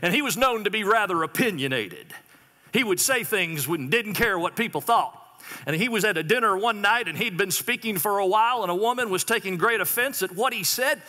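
Pastor, male, bright lively-pitched delivery, call-and-response sermon in a church. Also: fairly quick, long reverb tail. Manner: call-and-response preaching, repeated prompts to the congregation. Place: church sanctuary.

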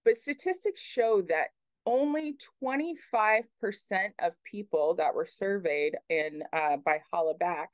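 A woman's voice: medium pitch, a little slow, dry recording. A woman presenting a workshop in a casual lecture style, hesitant with many ums.

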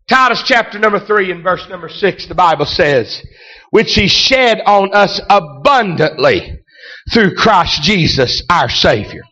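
Guy preaching, high voice, gets shouty, kinda muffled lo-fi sound. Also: lively intonation, unhurried. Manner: storytelling that builds to shouted preaching. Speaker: pastor. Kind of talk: sermon.

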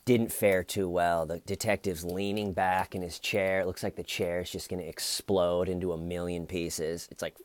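Sardonic man, lowish voice. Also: level tone, normal speed, few pauses. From United States. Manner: sardonic, mocking, rambling with restarts. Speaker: true crime commentator. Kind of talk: casual video commentary.

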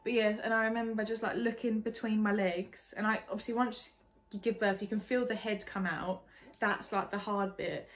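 A woman's voice: medium pitch, moderate pace, hardly any pauses. A young woman from England telling a personal story in a casual, candid way, full of "like". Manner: chatty, lots of "like", candid and animated. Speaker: vlogger.

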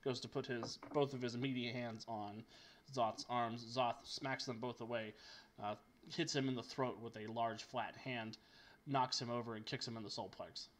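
A man running a tabletop game as game master, narrating with animated, joking energy. His pitch sits mid-range for a man. A faint hiss runs under the recording. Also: moderate pace.

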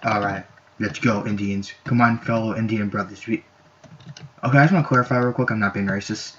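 A young man talks through a video game in a loose, silly, self-mocking ramble. His voice sits a little low. The recording is muffled and lo-fi, with a faint hiss and keyboard clicks behind it. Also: fairly even intonation, a little fast, a bit bright. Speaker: gameplay commentator. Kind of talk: casual gameplay commentary. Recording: dull lo-fi home recording with faint noise.

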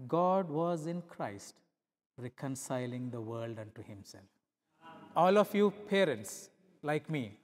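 High-voiced preacher in a reverberant hall. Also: male voice. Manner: swings between loud emphatic peaks and hushed low passages; asks the congregation rhetorical questions. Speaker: visiting pastor. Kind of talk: sermon.

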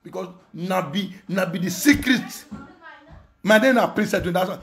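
Man, Nigerian Pidgin accent, angry rant, mocking laughs, high voice. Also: lively intonation, fairly quick. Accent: Nigerian Pidgin English. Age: young adult. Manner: shouting insults, mocking laughter, repetitive. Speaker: online commentator.

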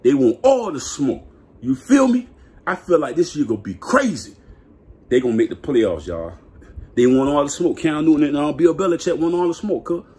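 A man vlogging a hyped, slangy football rant, laughing and repeating himself in his excitement. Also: on the high side, moderate pace. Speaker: sports vlogger.

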